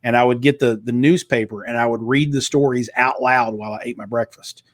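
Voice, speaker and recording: A middle-aged guest from Eastern Kentucky, an author and former radio DJ, speaks with a slight twang in a mid-range voice that is a bit fast and fairly even in intonation. His delivery is fluent and polished like a broadcaster's, though he often restarts, during a casual interview conversation.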